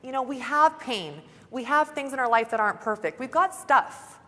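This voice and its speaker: A woman's voice: high-pitched, lively intonation, moderate pace, bright, forceful tone. Chatty woman speaking in a big hall. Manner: upbeat, chatty, says "like" often. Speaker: conference speaker. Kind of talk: motivational stage talk. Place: large conference hall. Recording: long reverb of a large hall.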